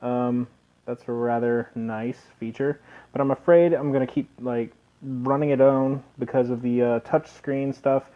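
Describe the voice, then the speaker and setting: A man's voice: medium pitch, steady tone, unhurried. A man casually commenting on gameplay, rambling with hesitations. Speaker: let's play host. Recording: dull lo-fi recording.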